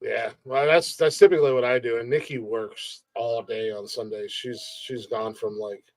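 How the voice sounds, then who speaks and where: A man hosting a comedy podcast over a video call, bantering excitably and cracking crude jokes. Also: medium pitch, moderate pace, no room sound. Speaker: podcast host and co-creator. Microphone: video call mic.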